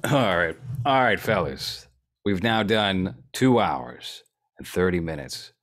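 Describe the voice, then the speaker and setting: A man with a fairly low voice hosts the chat and speaks in a measured, dry manner. He sums things up and moves the talk along. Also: expressive, fairly bright tone. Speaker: host. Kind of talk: casual chat.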